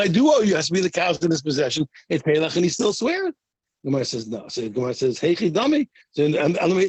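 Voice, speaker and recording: A man teaching a daily Talmud page in a slightly high, husky voice. He explains each case by acting out both sides of the argument, often repeating words as he goes. The recording is dry and close. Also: no room sound, rough recording. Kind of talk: daf yomi Talmud lesson.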